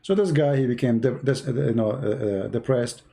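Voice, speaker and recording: Gravelly guy on a livestream, mocking, kinda broken english, mellow low tone. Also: moderate pace. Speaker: host of a live stream. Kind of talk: casual livestream talk and joke telling.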